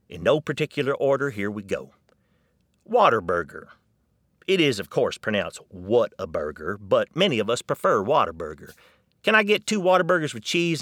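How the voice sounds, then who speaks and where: A man from Texas with a Texan accent giving a humorous spoken essay, wry and deadpan with folksy asides. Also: on the low side, no echo, studio quality.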